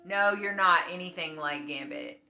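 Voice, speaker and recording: A woman's voice: on the low side, moderate pace, vocal fry, sharp tone, faint music behind. A woman streamer chatting casually at home, swearing freely and oversharing. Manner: profane, oversharing. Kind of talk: casual chat.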